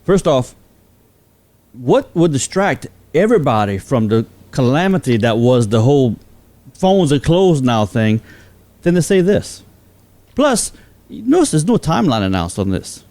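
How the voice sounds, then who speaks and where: A man from South Louisiana co-hosting a fan podcast in casual chat, animated and climbing in pitch as he makes his points. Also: unhurried. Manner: animated, rising in pitch when making a point. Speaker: podcast co-host.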